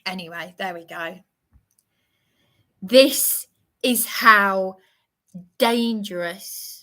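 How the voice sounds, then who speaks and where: Agitated middle-aged woman from England on a livestream, slow and rambling with many restarts. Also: medium pitch, fairly bright tone. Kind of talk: emotional livestream monologue.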